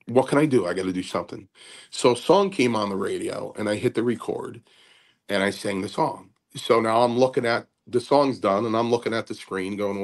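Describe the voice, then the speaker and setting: An older man, a host and former wrestler, talking in a halting, rambling casual way with many fillers and repeats. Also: fairly low pitch.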